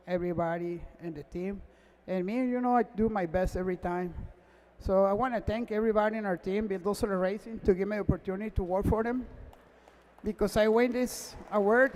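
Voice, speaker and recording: A race car mechanic accepts an award at a gala, his non-native English halting and repetitive as he nears tears. His voice is high and somewhat mellow, and the hall adds an echoey reverb.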